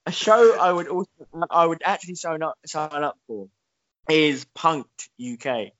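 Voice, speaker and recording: A man's voice: a little high, expressive, a little slow, fairly bright tone. A man, co-hosting a podcast in casual chat, rambling and swearing with lots of fillers. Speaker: podcast co-host. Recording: dull lo-fi podcast mic.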